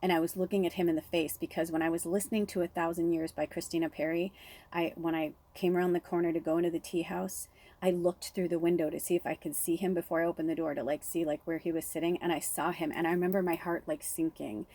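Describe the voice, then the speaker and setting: A woman in her thirties, a spiritual reader, telling a personal story with shaky, tearful excitement and lots of "like.". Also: fairly low pitch, fast talker. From Pacific Northwest.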